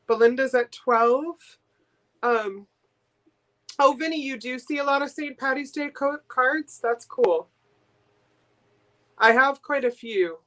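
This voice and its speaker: A woman's voice: a little high, fairly bright tone. Chatty woman from Boston selling postcards. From Boston, USA. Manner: chatty and enthusiastic, quick giggles. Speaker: guest seller at a live vintage sale. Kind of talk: casual live-stream sales chat.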